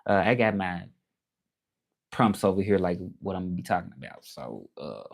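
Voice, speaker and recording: Speaking at a normal pace with a deep, sing-song voice and vocal fry, a Southern-accented host from Memphis, Tennessee chats casually on his livestream. He greets his viewers from a laptop indoors.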